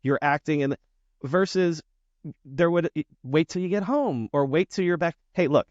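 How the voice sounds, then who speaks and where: A man hosting a podcast in a casual interview, talking in a rambling, halting way with many fillers. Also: fairly high pitch, no echo, highs cut off. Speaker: podcast host.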